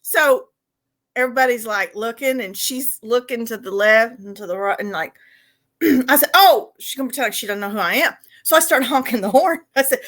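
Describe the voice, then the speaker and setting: A middle-aged woman with a Southern accent tells a long story on a casual chat show. Her voice sits a little high and sounds bright and forceful. She giggles through her own lines and shouts out the loud parts. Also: brisk. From Arkansas. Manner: laughs through her own stories, shouts when acting out scenes. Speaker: podcast co-host.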